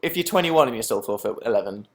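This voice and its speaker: A man's voice: medium pitch, lively intonation, fast talker. A young British man chatting casually on a livestream, rambling and self-deprecating as he answers questions from the chat. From England. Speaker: livestream host.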